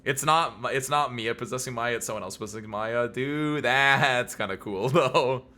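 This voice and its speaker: A young man giving excitable, casual commentary on a live game stream, laughing and swearing as he reacts. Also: medium pitch, moderate pace, a little hiss or hum. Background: game music.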